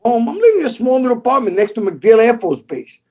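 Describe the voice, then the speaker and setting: A middle-aged man from the Bronx with a New York accent, telling stories in a casual interview, animated and swearing, acting out the voices of people in them. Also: extremely high pitch, fast talker. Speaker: guest percussionist.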